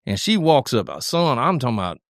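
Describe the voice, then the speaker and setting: Male co-host, relaxed studio storyteller with a mid-range voice and a close, dry mic. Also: medium pitch, fairly quick, no room sound. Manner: animated, drawling hunting story with restarts. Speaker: podcast co-host. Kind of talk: casual storytelling. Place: podcast studio at a table.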